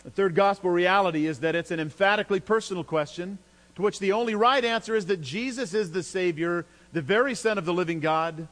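Emphatic pastor preaching in a hall. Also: male voice, brisk, fairly bright tone. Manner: emphatic, rising pitch and volume when stressing points. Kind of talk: sermon. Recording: long hall reverb with mains hum.

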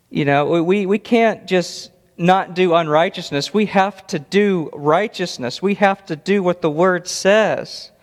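Man, preacher, expository sermon, emphatic, slightly high-pitched, reverberant sanctuary. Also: measured pace, hardly any pauses. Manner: earnest, emphatic, repeats words for stress. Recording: long reverb of a large hall.

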